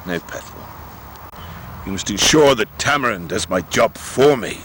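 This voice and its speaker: An actor brings to life a conspiratorial older gentleman who coaxes and talks down to people. The voice is bright and sharp, swooping up and down in lively pitch, over a faint hiss from an old videotape. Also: moderate pace. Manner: persuasive, theatrical, condescending. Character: scheming older man, suspicious and cajoling. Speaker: actor in a 1950s mystery drama. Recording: hissy old VHS film transfer.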